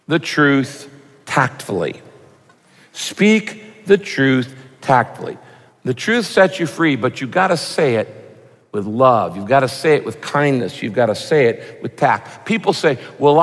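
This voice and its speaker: Lively preacher guy, kinda high voice, punchy one-liners, big echoey church hall. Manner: animated, punchy rhyming lines, mock voices for examples. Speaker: pastor. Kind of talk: sermon.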